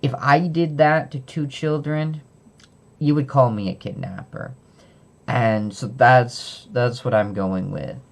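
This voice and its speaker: A man's voice: medium pitch, fairly even intonation, takes it slowly, creaky. A young man casually retelling a book's story off the cuff, with fillers and self-corrections. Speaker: book reviewer. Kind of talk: unscripted book summary.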